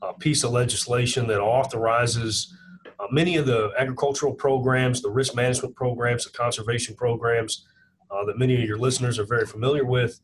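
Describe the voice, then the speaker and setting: A man from Kentucky with a Kentucky twang, a podcast guest who explains things in a plainspoken, measured way. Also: medium pitch, fairly even intonation, slight background noise, rough recording. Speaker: guest economist. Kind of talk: podcast interview.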